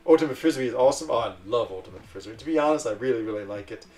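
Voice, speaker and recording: A man's voice: mid-range voice, animated, rapid-fire, a little mellow, far from the mic. A man hosting a livestream, chatting casually in a rambling way and laughing often. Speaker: livestream host.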